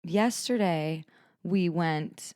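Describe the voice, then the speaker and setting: Young woman, podcast co-host, low voice, animated storytelling, close dry mic. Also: drawn-out words, smooth, no echo. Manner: animated storyteller, laughs often. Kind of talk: casual chat.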